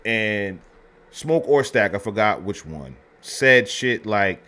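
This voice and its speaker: A man's voice: fairly low pitch, expressive, slow pace, a bit bright. A man hosting a history show, reviewing a film in loose, casual talk full of slang, fillers and restarts.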